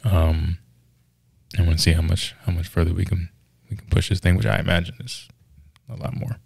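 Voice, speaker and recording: A man with a very deep, gravelly voice chats casually on a podcast. He teases his co-host and jokes around. The sound is dry and close. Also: steady tone, a little fast, darkish tone, no echo. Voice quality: gravelly, low. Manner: teasing, joking banter. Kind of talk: casual chat.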